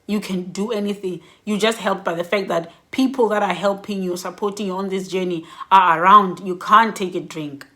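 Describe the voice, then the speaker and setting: A middle-aged woman giving candid, reflective personal advice in a vlog, laughing softly between points. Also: mid-range voice, fairly even intonation, moderate pace, hardly any pauses. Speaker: vlogger.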